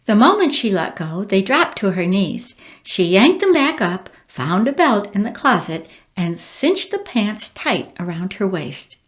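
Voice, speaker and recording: A woman reading a storybook aloud as narrator, measured and expressive. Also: mid-range voice.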